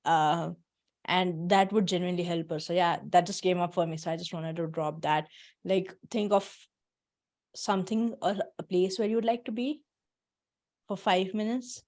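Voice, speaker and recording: A woman's voice: lowish voice, steady tone, normal speed, darkish tone. A woman hosting an online workshop on a video call, chatting casually and encouragingly, laughing often. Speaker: workshop host. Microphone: computer mic on a video call.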